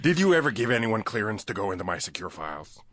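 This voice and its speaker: Man doing stern movie official, bright tense tone, swooping pitch, stiff dramatic read. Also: very animated, fast, no echo, studio quality. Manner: stiff dramatic reading, breaking into laughter. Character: stern male movie official questioning his assistant.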